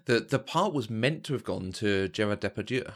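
A man talks about a film in a relaxed, unscripted way. His voice sits low. He often halts and repeats a word before the thought comes out. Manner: halting, repeats words when starting a thought. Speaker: podcast co-host. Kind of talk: casual film discussion.

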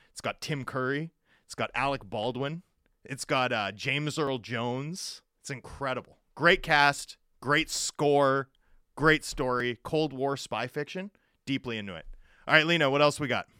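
A man co-hosting a sports talk show, telling stories in an animated, chatty way with quick asides. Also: medium pitch, clean tone, dry recording, clean studio sound. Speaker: sports radio co-host.

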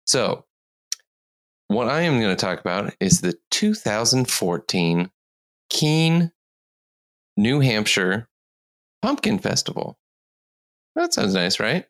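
A podcast host worn out from lack of sleep, recounting a story in loose, rambling casual chat. The delivery is slow, the pitch jumps around a lot, and frequent giggles break into the sentences. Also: big pitch swings, fairly bright tone.

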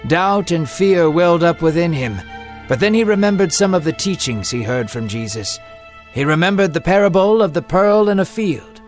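A man's voice: a little high, animated, normal speed, soft background music. A man narrating a Bible story in a dramatic storytelling manner.

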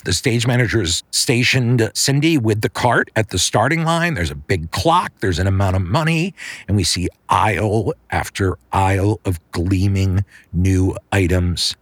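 A man's voice: fairly low pitch, expressive, a little slow. A middle-aged man hosting a podcast, improvising a bedtime story in a loose, conversational way with fillers and restarts.

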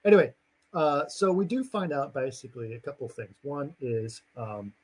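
A man's voice: medium pitch, normal speed, darkish tone, slightly rough, low-quality recording. A man in casual chat, rambling through a movie plot with lots of fillers and acted-out lines. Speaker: podcast co-host recapping a movie.

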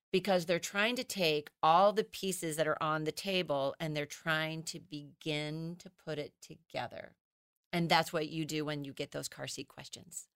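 A woman who teaches children's ministry, explaining child development as a guest in a podcast interview, animated and acting out how children talk. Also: deep voice, clear, resonant tone, no echo, studio quality. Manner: animated, acts out children's voices.

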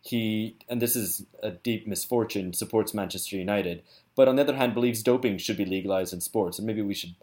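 Podcast host, man, low-ish voice, easygoing and joking. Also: fairly quick, darkish tone. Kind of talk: casual podcast chat.

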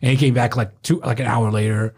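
A man's voice: mid-range voice, fairly quick, husky. A man telling rowdy stories about working a bar door, acting out the voices and laughing often. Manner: animated storyteller, acts out quotes, swears a lot, laughs often. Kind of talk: casual chat.

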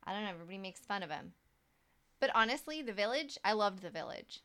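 A woman's voice: medium pitch, expressive, fast talker, bright, forceful tone. A woman co-hosting a casual podcast, reading listener stories aloud, laughing often and swearing freely. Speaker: podcast co-host.

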